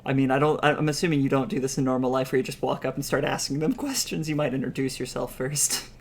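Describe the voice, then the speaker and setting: A man's voice: medium pitch, fairly even intonation, fast talker, slight background noise. A man running a tabletop game as game master, chatty and rambling, laughing often.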